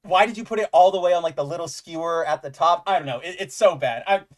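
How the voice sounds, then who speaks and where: Man, casual comics chat, slightly high voice, eager, rambling, filler-heavy. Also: fast. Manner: enthusiastic, rambling, says "like" often. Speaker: podcast co-host.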